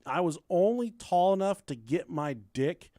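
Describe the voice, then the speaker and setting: A man's voice: sits high, animated, unhurried, dark tone, dry recording, clean studio sound. Crude, rambling man telling stories. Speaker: podcast co-host. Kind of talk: casual storytelling chat.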